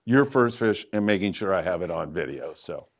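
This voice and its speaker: A middle-aged man hosting a fishing show, answering audience questions and telling anecdotes on a handheld mic at a live event. He talks loosely, with fillers, and his pitch jumps up for emphasis. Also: expressive, moderate pace. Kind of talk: live Q&A storytelling.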